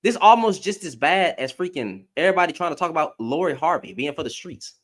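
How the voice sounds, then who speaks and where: Guy ranting on his vlog, high voice that jumps all over, cussing and asking y'all questions. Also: expressive, fast talker, fairly bright tone. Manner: blunt, profane, rhetorical questions. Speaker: commentary vlogger. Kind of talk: casual opinion rant.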